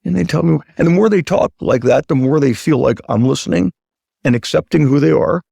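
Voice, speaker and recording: A man's voice: fairly high pitch, a little fast, gravelly, warm tone, slightly rough, no room sound. A man speaking as a plastic surgeon guest in an interview, emphatic and repeating his key points, acting out the voices of patients and doctors as he tells his stories. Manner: emphatic, acts out quoted patient and doctor talk. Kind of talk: conversational interview talk.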